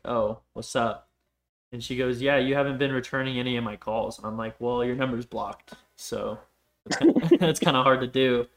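A young man on a podcast, telling a rambling personal story in a casual, profane way, full of "like" fillers. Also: medium pitch. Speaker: podcast guest.

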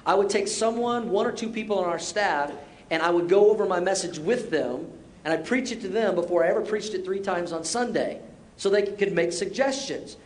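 A middle-aged man preaching a sermon as pastor, conversational and self-deprecating, with short repeated exhortations. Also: fairly quick. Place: church sanctuary. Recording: roomy church sound with faint rumble.

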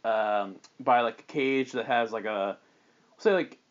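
A man casually pitching a story plot on a comedy podcast, rambling with lots of "like" and quickly acting out characters' lines. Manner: rambling, many "like"s, acts out characters in quick voices, laughs often. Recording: dull lo-fi audio.

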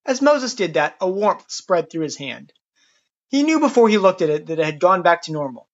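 A podcast narrator telling a Bible story in a wry, lively scripted way, on a dull lo-fi recording. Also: medium pitch, moderate pace.

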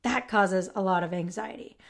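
A woman's voice: mid-range voice, moderate pace, vocal fry. A woman hosting a casual solo podcast, speaking earnestly and reassuringly straight to the listener, often tagging her sentences with "right?" and "like". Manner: frequent "right?" and "like" tags. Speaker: podcast host.

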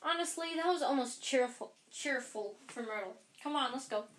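A woman voicing a brisk, bossy teenage schoolgirl in a storybook reading. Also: high-pitched, animated, fairly bright tone, slight background noise. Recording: echoey room.

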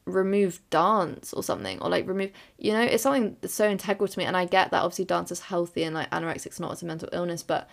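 A woman's voice: on the low side, fairly even intonation, fast talker, gravelly, few pauses. A young woman hosting her own podcast, talking through her thoughts in a candid, rambling way with lots of fillers and self-corrections. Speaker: podcast host. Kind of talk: reflective solo podcast monologue.

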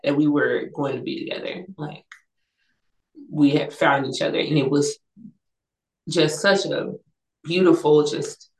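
Young adult woman, low register, lively storyteller. Recorded roomy and off-mic. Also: distant mic. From Northern California. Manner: animated storyteller, acts out quoted voices, laughs often. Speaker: interview guest, singer-songwriter. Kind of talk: casual storytelling interview.

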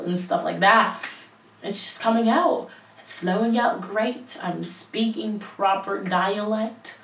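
A woman's voice: mid-range voice, slow pace, vocal fry, a bit bright, roomy sound, far from the mic, poor audio. Rambling young woman on a headset mic. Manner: rambling, self-mocking, lots of fillers. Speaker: podcast host. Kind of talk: casual solo podcast chat.

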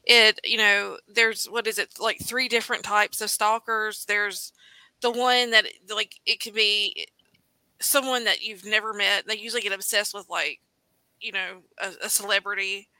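Woman co-host, very bright and forceful tone, dry sound, casual explainer. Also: mid-range voice, steady tone, moderate pace, no echo, poor audio. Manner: explains in loose, searching phrases. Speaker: podcast co-host. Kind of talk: casual discussion.

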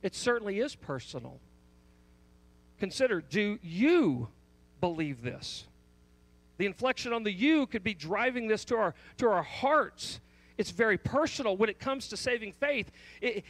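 A man with a notably high voice delivers a sermon. He leans hard on one repeated question, stressing single words and often restarting his phrases. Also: a bit bright, no echo. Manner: emphatic, repeats the key question, frequent restarts. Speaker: pastor.

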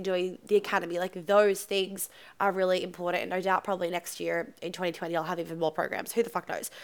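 A young adult woman hosting her podcast alone, chatting candidly, swearing freely and going off on quick asides. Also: mid-range voice, a bit bright, clean tone. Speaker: podcast host and coach. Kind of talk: casual solo podcast chat.

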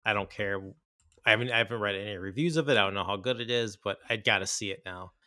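A man's voice: lowish voice, quick pace, pushed and bright, dry recording, studio quality. A man co-hosting a casual chat about horror films, enthusiastic and rambling, with many fillers and restarts. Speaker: podcast co-host.

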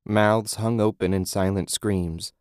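A man reading a horror audiobook in a measured, grim, descriptive narration. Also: lowish voice, steady tone, smooth, no room sound, studio quality.

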